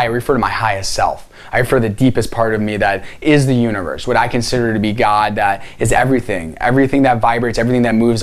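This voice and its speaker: An earnest man coaching viewers on healing in a motivational talk to camera. He speaks directly and presses his points with rhetorical questions. His voice sits at an ordinary middle pitch for a man.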